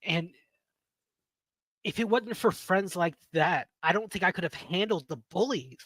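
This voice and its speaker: A man's voice: high-pitched, unhurried, a bit bright, slightly rough, no room sound. A man, hosting a podcast and telling rambling stories in casual chat. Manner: rambling, self-interrupting storyteller. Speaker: podcast host.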